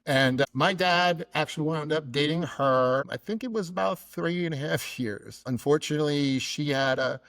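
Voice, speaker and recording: A man's voice: a little high, moderate pace, few pauses, fairly bright tone, no echo. A middle-aged man hosting a podcast, telling a funny personal story and acting out the dialogue. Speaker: podcast host.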